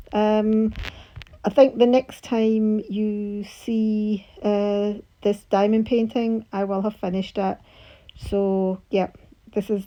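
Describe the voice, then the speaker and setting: A woman's voice: mid-range voice, highs cut off. A woman with a thick Scottish accent, chatting casually and rambling through a myth while she crafts, with many fillers and restarts. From Scotland. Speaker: crafting channel host.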